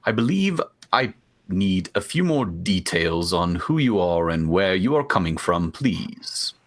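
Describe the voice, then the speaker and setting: A man's voice: low-pitched, big pitch swings, measured pace. A man playing his character in a tabletop game, speaking formally and with composure. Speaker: player. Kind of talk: in-character role-play.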